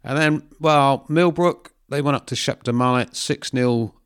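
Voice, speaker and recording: A man's voice: mid-range voice, a little slow, clear, resonant tone, dry recording, studio quality. Man reading football results. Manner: steady, runs through results with hesitant uhs. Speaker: host. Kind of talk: casual football chat.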